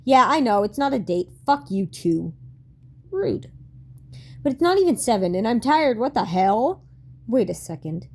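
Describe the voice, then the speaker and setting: A woman's voice: on the high side, very animated, normal speed, a little mellow. A woman in her late twenties reading her old diary aloud and commenting on it in a wry, self-mocking way, swearing and laughing often.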